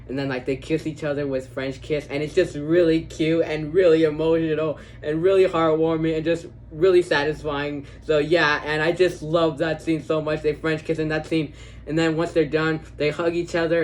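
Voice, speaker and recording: A man casually reviewing a movie, rambling with lots of fillers, dropping quiet when quoting lines and growing loud when he gushes about his favorite parts. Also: fairly high pitch, little pitch movement, moderate pace, slight background noise.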